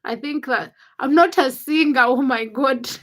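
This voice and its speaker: A woman's voice: sits high, unhurried, a bit bright. A young Ugandan woman hosting a casual livestream, chatty and self-mocking as she greets viewers by name. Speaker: livestream host.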